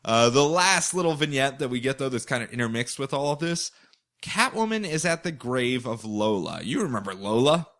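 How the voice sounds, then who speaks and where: A man hosts a podcast, recapping comics with lively, jokey storytelling and an easy laugh. His voice sits at an ordinary pitch, casual and chatty. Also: normal speed. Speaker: podcast host.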